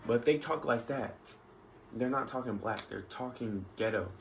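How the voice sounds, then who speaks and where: Man, vlogger, rambling casual monologue, mid-pitched voice, faint background noise. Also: moderate pace, gravelly, poor audio. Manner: rambling, many restarts and asides.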